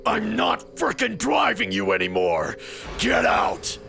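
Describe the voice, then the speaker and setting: Brief: man playing a menacing, robotic male driver who snaps into high, bellowing rage, low music underneath. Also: wildly swooping pitch, slow, creaky, heavily acted. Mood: raging. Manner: shouting, menacing. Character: furious robotic-voiced male rideshare driver.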